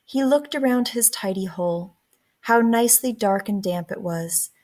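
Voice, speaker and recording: A woman teacher reading a picture book aloud in a gentle, expressive storytelling manner. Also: mid-range voice, normal speed.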